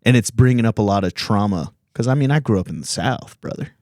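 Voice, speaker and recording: A man's voice: fairly low pitch, expressive, quick pace, a little mellow, dry recording, clean studio sound. A man from Virginia, a comedian hosting a podcast, telling rambling, profane stories in casual chat and laughing often.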